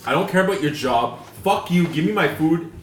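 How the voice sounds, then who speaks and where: Podcast co-host, male, slightly high voice, swearing through an annoyed anecdote, roomy echo. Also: animated, a little fast. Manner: exasperated, profane storytelling with impressions. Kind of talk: casual chat, ranting anecdote. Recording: echoey room with faint noise.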